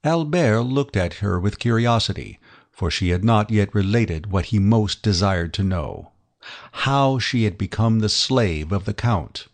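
Male narrator for classic-novel audiobook; lower voice, steady, dramatic read. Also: unhurried, vocal fry.

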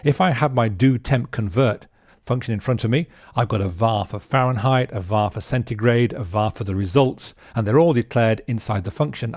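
A man's voice: mid-range voice, darkish tone, no room sound, clean studio sound. A man casually teaching a programming lesson, chatty with joking asides and frequent ums and restarts. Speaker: programming instructor.

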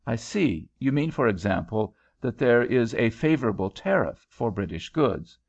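A man's voice: mid-range voice, sing-song, moderate pace, vocal fry, a little mellow. A man reading aloud, voicing an easygoing American traveller who questions things in a mildly skeptical, drawling way. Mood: curious. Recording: dull lo-fi home recording.

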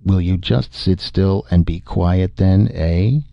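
A man's voice: low-pitched, takes it slowly, vocal fry, no echo, exaggerated voice. A man voicing a tired male bus driver, firm and matter-of-fact, on a dull lo-fi recording. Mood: weary.

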